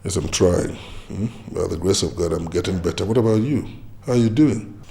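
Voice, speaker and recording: A man's voice: deep voice, brisk, vocal fry, dark tone, a little hiss or hum. An ailing Nigerian father. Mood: reflective. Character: ailing older father with a weak heart. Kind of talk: film drama acting.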